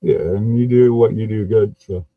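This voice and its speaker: Low-voiced man host, dull dry sound. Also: steady tone, normal speed, no echo. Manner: casual, swears, laughs easily. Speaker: podcast host. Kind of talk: casual podcast interview.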